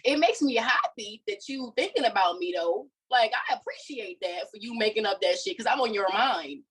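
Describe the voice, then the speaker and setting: A woman co-hosting a podcast, telling a story in a heated, profane, animated way in casual chat. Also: on the high side, moderate pace, slightly rough, poor audio. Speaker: podcast co-host.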